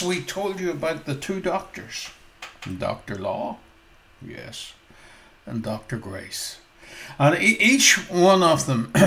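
A man's voice: fairly high pitch, poor audio. A male preacher telling a parable in a sermon, emphatic and prone to asking his listeners questions. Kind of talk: sermon storytelling.

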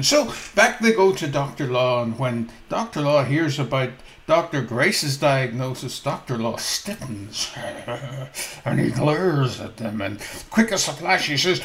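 A man's voice: medium pitch, lively intonation, unhurried, fairly bright tone, rough recording. A male preacher telling a parable in a sermon, emphatic and prone to asking his listeners questions. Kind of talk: sermon storytelling.

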